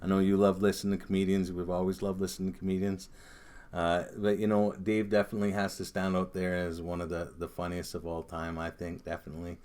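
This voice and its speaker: A man co-hosting a casual chat about favorite comedians, laid-back and quick to laugh. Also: low-pitched, completely flat delivery. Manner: laid-back, laughs often, does loud impressions of comedians. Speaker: podcast co-host.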